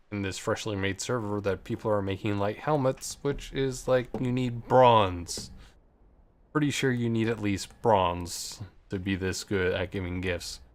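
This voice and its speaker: A man casually commenting while he plays a game, muttering to himself and swearing freely when something excites him. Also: on the low side. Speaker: gameplay streamer. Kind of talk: casual let's play commentary. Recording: faint music behind.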